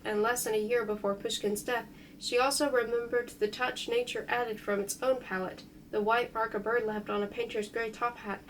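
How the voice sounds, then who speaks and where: A woman with a somewhat high voice reads a memoir aloud at an unhurried pace. Her delivery is careful and measured, and she stumbles now and then over unfamiliar foreign names. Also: a little hiss or hum, low-quality recording. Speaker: reader. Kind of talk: unhurried audiobook-style reading of a memoir.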